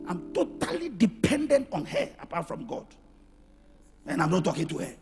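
A middle-aged pastor preaching with a raspy, gravelly voice pitched high for a man. He swings between hushed, intimate asides and full shouts. He is recorded in a reverberant hall with faint music underneath. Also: wildly swooping pitch, moderate pace. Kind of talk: sermon.

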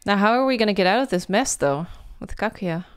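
Woman reading a visual novel aloud, excitable. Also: medium pitch, brisk, clean tone. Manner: animated, bursts into loud exclamations and swearing. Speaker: gaming video creator.

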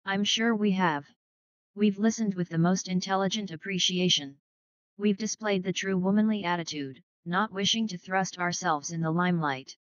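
A woman voicing a brisk, indignant middle-aged wife in a dry, dull recording. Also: fairly low pitch, no echo, close to an everyday voice.

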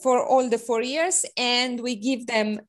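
Lively woman host. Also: on the high side, a little slow. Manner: lively, laughs often. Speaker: seminar host. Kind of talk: casual academic chat on a video call. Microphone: video call.

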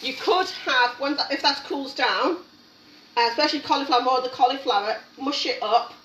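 A woman with a sharp, high-pitched voice and normal pace hosts a casual cooking demonstration, talking encouragingly while she works in her home kitchen. The recording is echoey and distant, picking up background noise.

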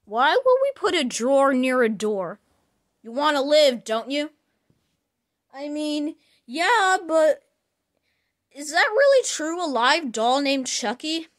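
A woman's voice: sits high, sing-song, slow. A woman acting out several characters in a plush toy drama, with a dramatic manner. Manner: dramatic, shifting between characters. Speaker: puppeteer voicing the toys.

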